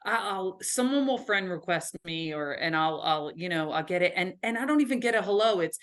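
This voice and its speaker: Chatty, low-voiced woman on a podcast. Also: animated, fairly quick, few pauses. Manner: chatty, rambling, laughs easily. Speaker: podcast guest, business owner. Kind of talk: casual interview chat. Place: recording studio.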